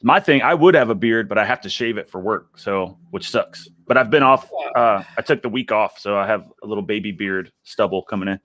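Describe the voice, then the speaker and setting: Guy on a video call, lowish voice, dry close sound, jokes and laughs a lot. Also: fairly quick, few pauses, fairly bright tone, no echo. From Texas, United States. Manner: joking, laughs often. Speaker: guest. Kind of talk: casual live chat.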